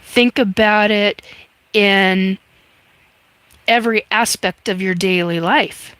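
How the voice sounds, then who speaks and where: A woman's voice: medium pitch, takes it slowly, fairly bright tone, smooth, no room sound. A woman in her fifties hosting a casual livestream, chatty and reading viewer comments aloud with many fillers. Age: 50s. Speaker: livestream host reading chat. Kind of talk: casual live chat.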